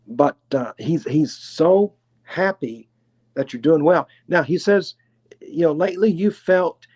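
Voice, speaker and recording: A man with a Tennessee accent doing a live clairvoyant reading, talking in an unhurried, chatty way and hedging his guesses. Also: a little high, a little mellow, muffled recording. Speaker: clairvoyant medium.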